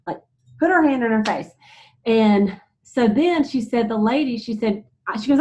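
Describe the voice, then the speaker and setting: A woman leading a motivational sales team talk, chatty and animated, retelling stories with lots of "you know"s. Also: on the high side, moderate pace. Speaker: sales director speaking to her team. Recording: slightly dull lo-fi sound.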